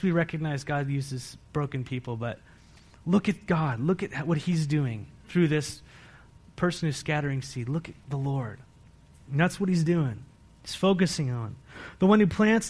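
A man preaching in a church, his voice sitting a little higher than most men's. He talks with earnest emphasis, circling back on phrases and firing rhetorical questions at the congregation. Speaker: pastor. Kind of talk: sermon.

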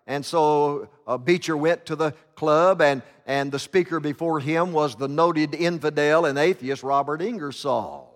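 A man's voice: on the high side, unhurried, few pauses. A man preaching a sermon, telling a story dramatically and often stumbling over fillers and restarts. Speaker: pastor. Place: church sanctuary. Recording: long reverb of a church sanctuary.

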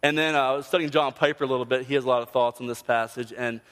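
A man preaching a sermon, telling stories with lively delivery and acting out voices. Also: mid-range voice, racing, in a large hall. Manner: animated storytelling, acts out voices. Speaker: pastor.

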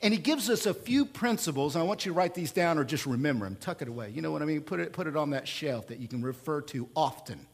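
A man preaching a sermon in a conversational, emphatic way, with rhetorical questions and swings between loud bursts and quiet asides. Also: on the high side, lively intonation, quick pace, few pauses. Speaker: pastor.

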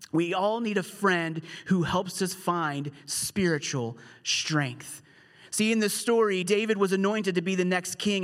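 A man's voice: high-pitched, a bit bright, long reverb tail. A male pastor preaching a sermon in a conversational storytelling way, with humorous asides.

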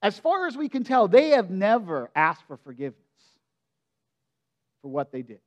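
Guy preaching a sermon, pretty high voice, chatty and expressive, keeps asking the crowd stuff. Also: moderate pace. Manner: conversational, expressive preaching with direct questions to listeners. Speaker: pastor.

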